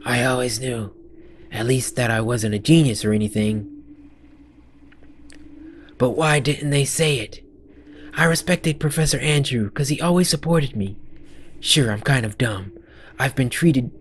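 A man voicing an insecure young male student in a game dub, pleading and high-strained. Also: expressive, unhurried, pauses often, a bit bright, a little hiss or hum. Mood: despairing.

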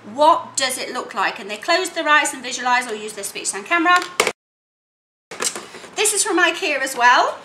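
A woman teaching phonics, sounding out words slowly in separate sounds and playing with toys. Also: sits high. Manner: animated and playful with children's toys. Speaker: literacy teacher. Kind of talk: teaching demonstration. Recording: echoey room, faint noise.

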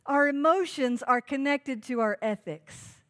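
Woman pastor, high voice, sermon, emphatic, rhetorical questions. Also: a little slow, fairly bright tone.

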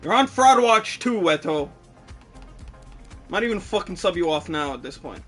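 Animated, bright-voiced young man ranting at a game. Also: sits high, normal speed, faint music behind. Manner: swearing, ranting, self-mocking sarcasm. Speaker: gaming YouTuber. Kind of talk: frustrated gameplay commentary.

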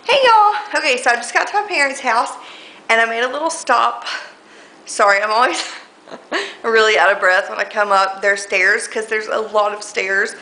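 A woman's voice: a little high, moderate pace, bright, forceful tone. A young woman rambling casually to the camera in a daily home vlog, with lots of ums and likes. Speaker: vlogger. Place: indoors at home, walking between rooms. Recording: echoey room, faint background noise.

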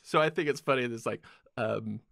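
A man's voice: mid-range voice, moderate pace, vocal fry, a bit bright, slight background noise. A man hosting a casual film podcast, talking loosely with lots of laughter and filler words. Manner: laughs often, loose and joking, many fillers. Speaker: podcast host.

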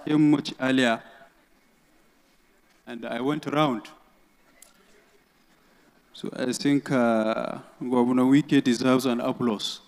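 A man's voice: medium pitch, steady tone, takes it slowly, pauses often, darkish tone. A man with a Nigerian accent speaking at a formal event, taking questions and teasing a questioner. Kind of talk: formal speech and Q&A.

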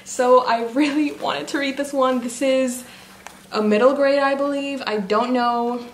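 A bubbly young woman with a slightly high voice gushes and giggles through a casual book vlog. She sounds emotional and fills her talk with "like". Her voice rings in an echoey room. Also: fairly even intonation, measured pace. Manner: gushing, giggly and emotional, many "like" fillers. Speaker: book vlogger. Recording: echoey room with faint noise.

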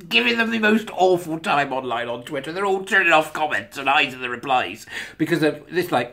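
Male vlogger, husky voice, animated pitch, wry and chuckling, casual solo commentary. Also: fairly quick. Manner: sarcastic, chuckling asides. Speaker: video blogger.

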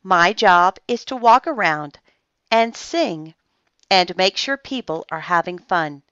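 A woman's voice: animated, slow, a bit bright, no echo. A woman voicing an eager, bossy young girl in a read-aloud storybook. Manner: eager, commanding, high and bouncy. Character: bossy energetic young girl running a stand. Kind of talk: storybook character voice. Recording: dull dry lo-fi sound.

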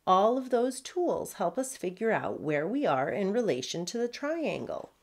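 A woman voicing a prim, patient female poodle first mate in a storybook, speaking crisply. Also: medium pitch, very animated, measured pace, a little mellow, pitched above the performer's own voice.

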